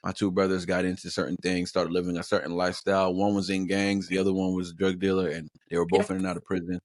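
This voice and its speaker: A low-voiced man from Long Island, New York, talks fast with a flat delivery in a clean, studio-quality recording with no room sound. He's a guest in a casual conversation, telling stories in a loose, rambling way and often repeating words.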